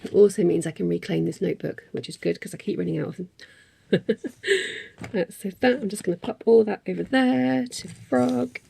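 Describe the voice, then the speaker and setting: A woman's voice: mid-range voice, moderate pace, vocal fry, mellow, breathy edge. A woman in a casual craft vlog, chatting in a rambling way with frequent ums and little laughs. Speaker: craft vlogger. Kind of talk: casual chat.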